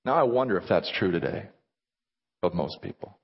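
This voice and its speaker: A man preaching a sermon as pastor, acting out little dialogues in an animated way. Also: low voice, moderate pace, breathy edge, in a large hall, highs cut off.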